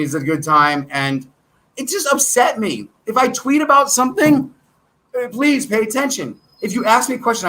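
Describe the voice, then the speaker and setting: An American man hosting a stock market livestream, rambling and excitable, with self-deprecating asides. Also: a little high. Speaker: stock market show host. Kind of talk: casual livestream commentary.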